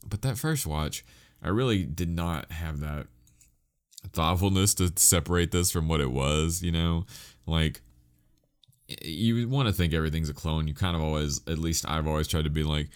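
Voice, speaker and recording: A man's voice: extremely low pitch, normal speed, clear, resonant tone. A young man hosting a podcast on his own, chatting casually, rambling off on tangents and poking fun at himself. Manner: rambling, self-mocking, goes off on tangents. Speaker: podcast host. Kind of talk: casual solo podcast chat.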